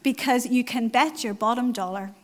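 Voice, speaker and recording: A woman's voice: a little high, normal speed. Woman preaching, earnest repetitions. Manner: conversational, emphatic repetition. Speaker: church speaker. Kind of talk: sermon.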